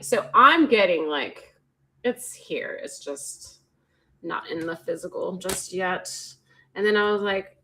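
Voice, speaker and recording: A chatty woman reads tarot cards live, laughing easily and slipping into hushed, almost whispered asides. Her voice sits in an ordinary middle range. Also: mid-range voice, unhurried. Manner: giggly, chatty, drops to near-whispers while shuffling. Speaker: tarot reader. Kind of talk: casual livestream tarot reading.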